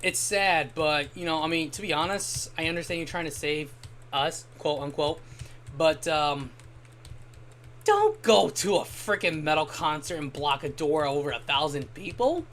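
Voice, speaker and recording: A man streaming a game and telling a rambling story in casual chat, swearing freely and getting animated when he quotes people. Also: on the high side, measured pace, slight background noise. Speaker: gaming streamer. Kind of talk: casual storytelling while gaming.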